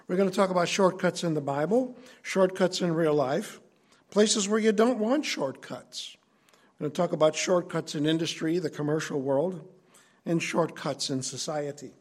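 A male preacher delivers an earnest sermon with a high, husky voice. He teaches in a conversational tone and stresses his key points. The delivery stays plain and direct.

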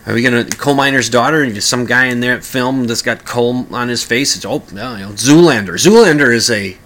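A man's voice: medium pitch, fairly quick, fairly bright tone. A man hosting a podcast, talking casually in a rambling way with frequent restarts. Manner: rambling, with many restarts and sung mock lyrics. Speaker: podcast host. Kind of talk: casual monologue.

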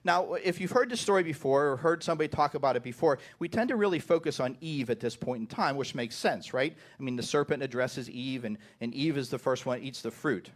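A man's voice: medium pitch, fairly quick, hardly any pauses. A man preaching a sermon to his congregation. He often repeats the first words of a phrase and keeps asking "right?". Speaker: pastor.

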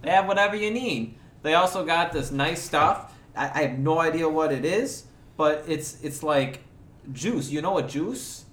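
Pushy woman drink vendor, a man doing the voice, bright, in a roomy space, accent all over. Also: fairly high pitch, animated, normal speed. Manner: pushy sales patter, wandering accent. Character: chatty woman drink vendor pushing fizzy spritzers.

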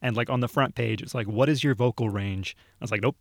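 A man's voice: medium pitch, fast talker. A young man, a video producer, casually recounting stories in a podcast chat, with lots of fillers and easy laughs. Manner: laid-back storytelling with frequent fillers and laughs. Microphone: studio microphone.

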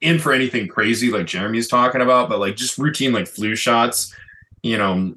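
A man's voice: medium pitch, a little fast, bright, forceful tone. A man co-hosting a podcast, rambling in laid-back casual chat full of fillers. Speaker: podcast co-host.

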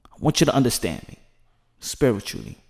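Animated, preachy man in a commentary vlog. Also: mid-range voice, brisk, vocal fry. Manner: emphatic, swings from hushed to loud and animated. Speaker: commentary vlogger.

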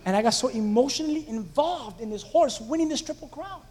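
High-voiced man preaching in a reverberant hall. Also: fairly quick. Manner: animated storytelling, asks the congregation questions. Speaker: pastor. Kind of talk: conversational sermon.

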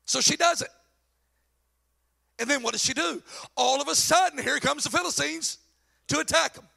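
A male pastor preaching a sermon. He drops to low asides, then shouts his points, and mocks the voices he quotes. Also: normal speed, vocal fry. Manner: acts out quoted voices mockingly.

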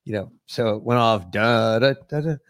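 A man's voice: on the low side, normal speed, clean tone, no room sound, studio quality. A man co-hosting a podcast in casual chat, teasing and acting out quotes as he tells a story. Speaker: podcast co-host.

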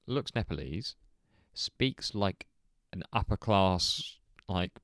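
A man telling a story in casual chat, animated, swearing and laughing often. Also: deep voice, slow pace, no room sound, studio quality. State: hungover. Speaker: podcast co-host telling a story.

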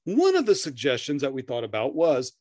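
A man's voice: medium pitch, huge pitch swings, brisk, darkish tone, no room sound, clean studio sound. Rambling, profane middle-aged man. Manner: rambling, profane, laughs often, stammers on restarts. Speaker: podcast co-host. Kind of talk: casual chat.

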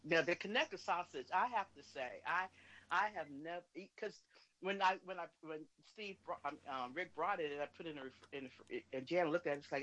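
A woman's voice: deep voice, fairly quick, a bit bright, dull audio. A woman calling in to a talk show, telling stories emphatically with salty language. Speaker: caller. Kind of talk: casual call-in chat.

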